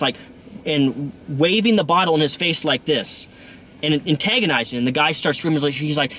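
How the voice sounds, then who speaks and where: Rambling man in his thirties, slightly high voice. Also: pushed and bright, slight background noise. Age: 30s. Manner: rambling, frequent restarts and fillers. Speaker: YouTuber and bus driver. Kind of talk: casual vlog talk to camera.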